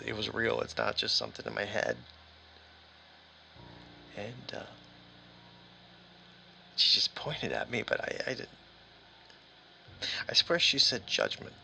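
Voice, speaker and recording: Casting: a man as a lost, worn-out trucker calling home, halting and stammering, gravelly and bright. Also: fairly low pitch, sing-song, slight background noise, exaggerated voice, low-quality recording. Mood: shaken, haunted. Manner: halting and stammering, with nervous laughs. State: exhausted and aching. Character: lost, shaken long-haul trucker man calling his dad. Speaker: solo tabletop game player. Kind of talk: first-person in-character monologue.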